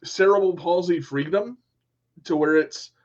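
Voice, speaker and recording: Male talk host, animated storyteller, slightly high voice, dull lo-fi recording. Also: a little slow. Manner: animated storyteller, acts out quotes. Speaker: radio show host. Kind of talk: casual interview chat. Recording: muffled lo-fi sound.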